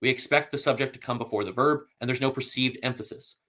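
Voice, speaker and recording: A man's voice: medium pitch, steady tone, fast talker, bright, forceful tone. A man hosting a casual scholarly discussion, explaining patiently and reading citations aloud with frequent fillers. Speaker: host.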